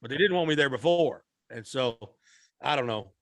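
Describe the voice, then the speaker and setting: A man's voice: mid-range voice, lively intonation, normal speed, fairly bright tone, no echo, studio quality. A man, a musician guest telling a rambling, folksy story in a podcast interview. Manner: rambling, repeats and restarts, Southern-style folksy speech.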